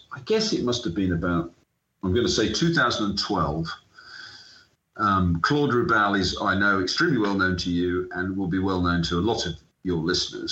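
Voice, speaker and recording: A middle-aged man from the UK, a sports entrepreneur telling stories as an interview guest, acting out the conversations he recalls. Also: low-pitched. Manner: animated anecdotal, acts out dialogue. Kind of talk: storytelling interview. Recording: echoey room, dull lo-fi sound.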